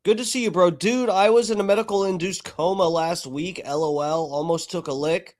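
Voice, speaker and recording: Chatty profane male streamer, higher voice. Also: brisk, a little mellow. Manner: chatty, profane, talks to chat. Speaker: livestream host. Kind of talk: casual live commentary.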